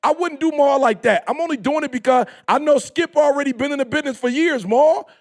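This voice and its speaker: A man giving an impassioned, preachy motivational talk in slangy speech, repeating phrases for emphasis and bursting into shouts. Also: very high voice, brisk. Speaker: motivational speaker.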